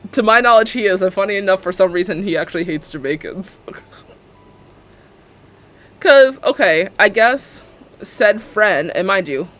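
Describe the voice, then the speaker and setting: A woman's voice: mid-range voice, animated, slow, long pauses, a bit bright. A young woman live-streaming a building game, chatting casually and sarcastically and laughing often.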